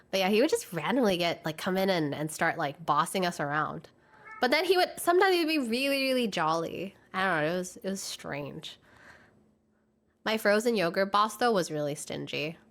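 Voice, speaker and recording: A young adult woman streamer telling work stories in casual chat, slangy and animated, often laughing and acting out the voices of people she quotes. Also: medium pitch.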